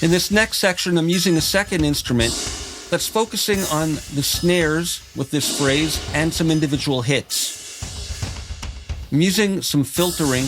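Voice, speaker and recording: A man calmly explaining how he builds a cinematic cue in music production software, in a tutorial voice-over. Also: fairly high pitch, moderate pace. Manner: calm, explanatory, technical. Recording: voice over loud background music.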